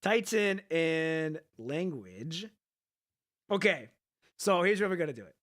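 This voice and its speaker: A man chatting casually to his viewers, rambling and thinking out loud with the odd swear. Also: on the high side, very animated, slow pace. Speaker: streamer.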